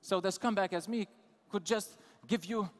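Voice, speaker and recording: A man with an Eastern European accent speaks from a conference stage, needling the crowd and picking out people to tease. His voice sits a little high for a man and rings with the long reverb of a big hall. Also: normal speed. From Lithuania. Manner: teasing, provocative, calls out audience members. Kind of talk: live conference talk.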